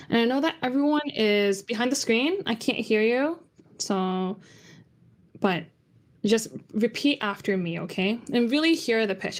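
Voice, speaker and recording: A woman teaching an online beginner lesson on Cantonese tones, chatty and loose, stretching out syllables to show how the pitch moves. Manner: chatty, demonstrates tones by singing them out.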